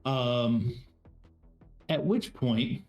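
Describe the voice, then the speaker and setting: A man's voice: medium pitch, a little mellow, roomy sound, dull audio, soft background music. A man narrating a tabletop game as game master, hesitant and full of fillers and restarts. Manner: halting, many fillers and restarts.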